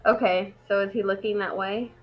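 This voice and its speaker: A woman's voice: medium pitch, steady tone, normal speed, over music. A woman playing a tabletop game, talking casually and chattily with many fillers. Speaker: player. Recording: dull lo-fi recording.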